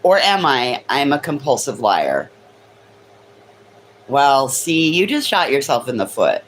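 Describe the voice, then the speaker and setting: A woman's voice: a bass voice, big pitch swings, slow pace, a little hiss or hum, rough recording. A woman hosting a casual livestream from home, teasing her chat with sarcastic remarks. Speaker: livestream host. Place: home near a kitchen.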